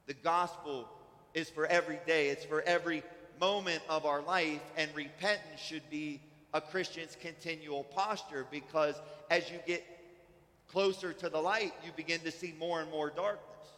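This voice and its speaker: A man's voice: on the high side, fairly even intonation, normal speed, a bit bright, long reverb tail. A man preaching a sermon as pastor, in a conversational way with frequent restarts. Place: church sanctuary.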